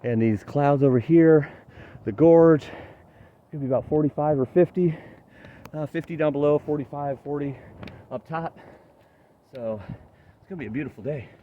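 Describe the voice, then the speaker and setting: A man's voice: mid-range voice, narrow, tinny audio, a little hiss or hum. A man narrating his hike in a casual, upbeat vlog, chatty and a little out of breath from the steep climb. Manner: chatty, upbeat, laughs at himself, many "uh" fillers. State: winded from climbing. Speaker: hiking vlogger. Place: outdoors on a steep forest trail.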